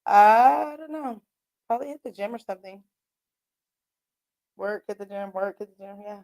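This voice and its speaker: In her radio studio, a woman rambles through a solo chat, swearing freely and laughing often. She speaks at normal speed in a medium-pitched voice that is creaky and darkish.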